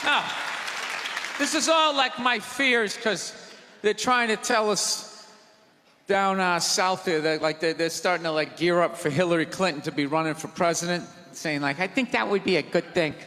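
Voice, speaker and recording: A man doing a stand-up routine in a large theater, ranting loudly and mocking people in put-on voices. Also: high-pitched, steady tone, measured pace. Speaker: stand-up comedian. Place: large theater with live audience. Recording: live theater recording, hall reverb, audience noise. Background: audience laughter and crowd.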